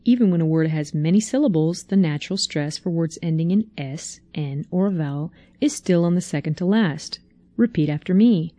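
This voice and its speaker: A woman reading a scripted language lesson in a slow, clear, deliberate teaching voice. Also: on the low side, dark tone, no room sound, clean studio sound. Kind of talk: scripted instructional narration.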